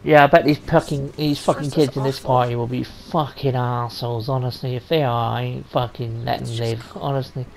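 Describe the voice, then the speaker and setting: A young woman giving loud, profane let's-play commentary while playing a co-op game with a friend. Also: extremely low pitch, fairly even intonation, fairly quick, vocal fry, hardly any pauses. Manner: heavy swearing, loud banter.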